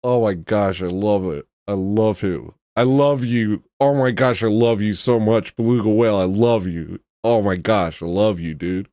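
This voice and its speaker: This livestream host's voice sits on the low side and sounds mellow as he talks at a normal speed with few pauses. He chats casually with viewers, gushing and occasionally sinking into a choked near-whisper. The audio is studio quality with no room sound.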